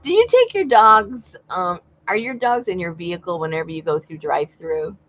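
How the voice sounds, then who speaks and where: A Southern California woman chats casually on a livestream, telling stories and laughing a lot. Her voice is fairly low and expressive at a moderate pace, and the recording has a dull, lo-fi sound.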